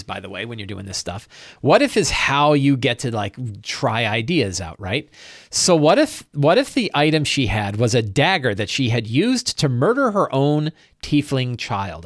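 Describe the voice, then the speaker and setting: Man brainstorming aloud, lively pitch. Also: dry recording, clean studio sound. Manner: thinks aloud, keeps checking with "right?"; frequent restarts and repeated words. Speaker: game master and streamer. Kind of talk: casual livestream brainstorming.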